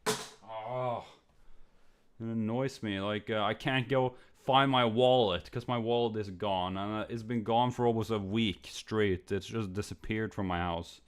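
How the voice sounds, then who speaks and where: A man's voice: fairly even intonation, a little slow, clear, resonant tone. A young man streamer venting in a rambling, frustrated way, swearing and stammering through restarts. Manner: jumps to high, loud mimicking when quoting others.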